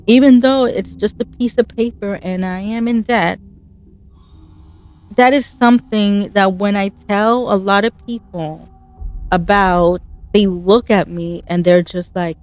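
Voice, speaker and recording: A woman's voice: mid-range voice, lively intonation, moderate pace, dull audio. Earnest woman giving gameplay commentary. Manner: earnest, heartfelt, encouraging. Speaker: gaming channel host.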